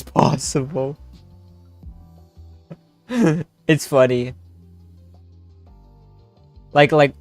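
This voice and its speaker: A man's voice: medium pitch, clean tone, no echo. A young man streaming a story game with friends, joking, laughing and rambling in casual chat. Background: faint game music.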